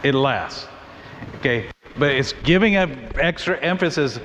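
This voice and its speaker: A man teaching a church Bible class in a conversational way, thinking aloud with restarts and quick asides. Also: medium pitch, animated, a bit bright. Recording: muffled recording in a reverberant room with faint noise.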